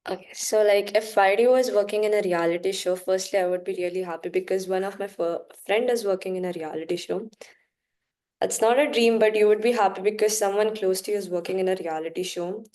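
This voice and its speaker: A woman's voice: mid-range voice, steady tone, brisk, a little mellow. A young woman works through a practice speaking-test answer. She hesitates often and fills the gaps with fillers. She giggles now and then between ideas. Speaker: student.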